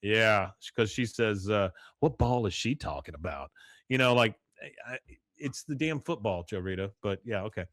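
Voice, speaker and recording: A man's voice: lowish voice, animated, moderate pace, fairly bright tone, no echo, studio quality. Rambling man recapping a show. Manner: rambling, many fillers, reads quotes aloud. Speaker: podcast host. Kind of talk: casual episode recap.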